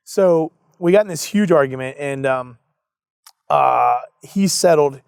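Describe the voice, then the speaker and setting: Animated young man telling a story. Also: fairly high pitch, moderate pace, vocal fry, clear, resonant tone, dry recording, studio quality. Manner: animated storyteller acting out both sides of conversations. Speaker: entrepreneur guest. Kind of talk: casual storytelling interview.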